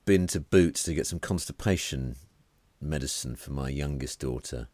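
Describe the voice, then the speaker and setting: A man co-hosting a podcast in casual chat, dry and deadpan with plenty of swearing. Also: a bass voice, normal speed, no room sound. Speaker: podcast co-host.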